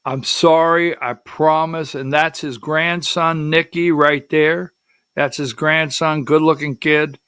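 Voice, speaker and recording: A middle-aged political talk show host runs a livestream, speaking unhurriedly in a fairly high, bright voice with smooth, fairly even intonation. He rambles from story to story, gets emotional, and calls out slide numbers to his producer.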